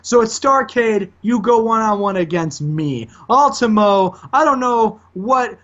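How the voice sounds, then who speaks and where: A man's voice: sits high, animated, a little slow, fairly bright tone. Guy doing a cocky young wrestling champ, boastful and taunting, voice swings up and down, muffled lo-fi audio. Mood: defiant.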